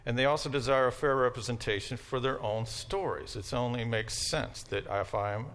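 A man with a Southern American accent giving a relaxed, conversational university lecture and often checking in with his students. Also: mid-range voice, moderate pace. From Southern United States. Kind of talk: classroom lecture.

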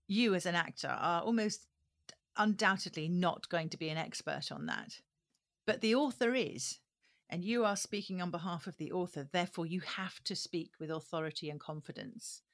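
A woman with a notably low voice, speaking as an audiobook producer in an interview. She talks thoughtfully, pausing on ums and restarting phrases as she works out her points. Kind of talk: interview answers.

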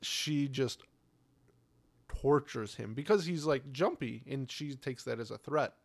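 Gravelly-voiced young man telling a story. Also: medium pitch, unhurried. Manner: relaxed storytelling, laughs easily. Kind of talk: casual chat.

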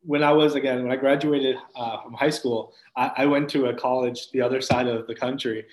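A man's voice: medium pitch, fairly even intonation, brisk. Earnest man telling his faith story. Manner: earnest, reflective, with frequent restarts and soft laughs. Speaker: podcast guest. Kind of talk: personal faith testimony told as a story. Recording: roomy echo.

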